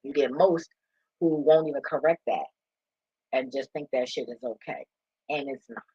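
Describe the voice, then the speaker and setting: A man's voice: mid-range voice, moderate pace, vocal fry, slightly rough, no echo, muffled recording. A man ranting casually and profanely about church leaders, laughing and swearing freely. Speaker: commentator.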